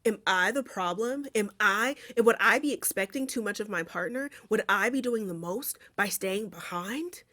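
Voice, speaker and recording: A woman's voice: medium pitch, normal speed, few pauses, sharp tone. A young woman recapping a movie in casual, blunt, profane commentary with plenty of sass.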